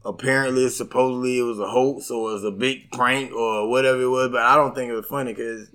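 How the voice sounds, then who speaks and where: A middle-aged man co-hosting a casual talk show, slangy and animated, swinging between excitement and subdued talk. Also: medium pitch, quick pace. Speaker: podcast co-host. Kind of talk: casual chat.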